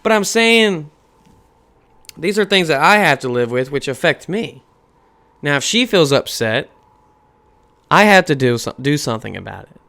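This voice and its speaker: Animated, profane man ranting. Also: fairly high pitch, moderate pace, gravelly, pauses often. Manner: profane, animated, rhetorical questions. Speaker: podcast host. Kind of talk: casual rant.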